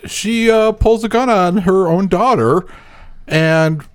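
A man's voice: high voice, slow, clean tone. A man co-hosting a movie podcast, giving short, laid-back answers in casual chat. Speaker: podcast co-host.

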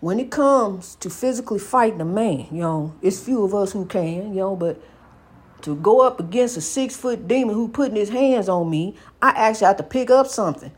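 A woman's voice: mid-range voice, animated, normal speed, slightly rough. A middle-aged woman giving an emphatic, preachy inspirational monologue, often calling the listener honey. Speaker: speaker giving life advice.

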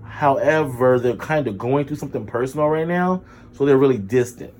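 A sick man with a sore throat and drained energy tells a story to his viewers. His voice is dark and mellow, but he jumps to high exclamations and drops in sassy asides. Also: normal speed, slight background noise. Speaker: vlogger. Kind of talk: casual storytelling to camera.

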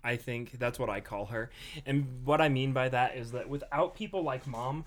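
A man's voice: mid-range voice, normal speed. A man co-hosting a casual podcast from his family home, talking animatedly with crude jokes and frequent laughter. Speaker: podcast co-host. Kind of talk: casual chat.

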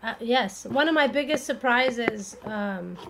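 A woman's voice: on the high side, a little slow, creaky, a crowd in the background. A woman hosting a casual chat, speaking earnestly about personal experience. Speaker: host.

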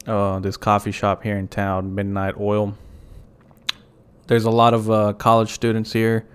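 Young male podcast host, low smooth voice, rambling and profane, self-mocking storyteller. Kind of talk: casual storytelling monologue.

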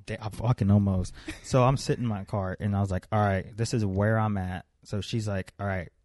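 A young man with a fairly low voice tells a rambling story, swearing often and acting out the people he met. The sound is close and dry, with no room echo. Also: fairly quick. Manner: profane, animated storyteller acting out dialogue. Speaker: podcast co-host. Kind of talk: casual podcast chat, telling a story.

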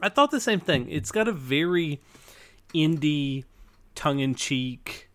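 Laid-back man in a casual chat, slightly high voice. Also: expressive, slow pace, fairly bright tone. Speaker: podcast co-host. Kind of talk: casual chat about movies.

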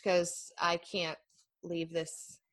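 A woman's voice: fairly low pitch, monotone, extremely slow, no echo. A woman author talking casually about her writing with a self-deprecating, easy laugh, then reading her fantasy chapter aloud. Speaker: author and guest. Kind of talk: casual interview chat and book reading.

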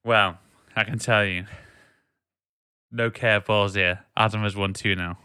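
A man's voice: on the low side, fairly even intonation, measured pace, pushed and bright, smooth, no room sound, studio quality. A man, hosting a casual podcast quiz in a joking, teasing way. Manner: joking, teasing, reads quiz quotes aloud. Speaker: podcast host running a quiz. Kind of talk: casual chat.

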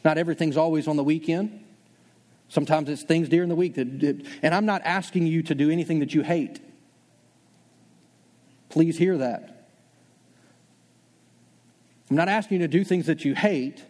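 Fast-talking preacher man in a reverberant hall. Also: a little high, darkish tone. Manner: conversational, acts out listeners' doubts in quick asides. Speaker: pastor. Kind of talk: sermon.

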